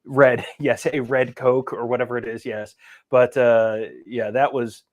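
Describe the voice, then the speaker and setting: A man co-hosting a casual sports podcast. He tells stories in an animated, self-amused way, and his voice sits at a middle pitch. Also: measured pace. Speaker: podcast co-host.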